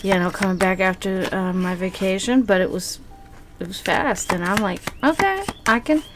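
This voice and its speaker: A woman's voice: lowish voice, level tone, moderate pace, music in the background. Rambling woman streamer chatting. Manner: rambling, many fillers and restarts. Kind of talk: casual chat with stream viewers.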